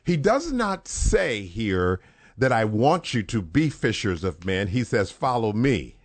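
Slow, emphatic preaching man. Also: on the low side, very animated, dry recording. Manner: measured, slow, emphatic, rises on key phrases. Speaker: pastor, radio guest. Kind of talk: preaching on a radio talk show.

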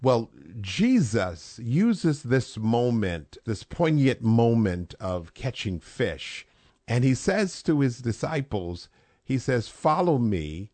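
A man's voice: mid-range voice, big pitch swings, dark tone, dry recording. A man preaching as a guest on a radio show. He takes his time, rising with emphasis on the words that matter, in a mid-range voice. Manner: measured, slow, emphatic, rises on key phrases.

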